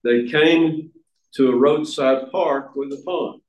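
A man preaching a sermon, slow and emphatic, repeating words for stress. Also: mid-range voice. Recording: echoey room.

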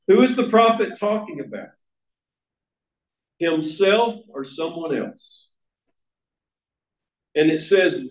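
A man preaching a sermon, slow and emphatic, repeating words for stress. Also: a little high. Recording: echoey room.

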